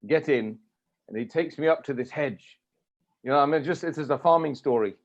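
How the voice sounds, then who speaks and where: A man hosting an interview, telling an animated personal story in a casual, chatty way. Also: fairly high pitch, fairly quick. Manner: animated anecdotal storyteller, laughs often. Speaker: host. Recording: dull lo-fi audio.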